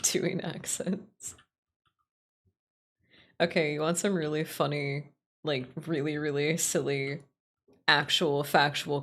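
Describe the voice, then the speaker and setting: A woman with a fairly low voice streams a game and chats casually. She swears freely, rambles through asides and laughs easily. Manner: profane, rambling, quick to laugh. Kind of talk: casual let's-play chatter.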